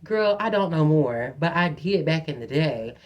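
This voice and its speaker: A woman with a lower-pitched, very lively voice spins a personal story for her viewers. She's chatty and profane and keeps calling her listeners "girl". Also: normal speed, dull audio. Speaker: vlogger telling a personal story. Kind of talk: casual storytime monologue.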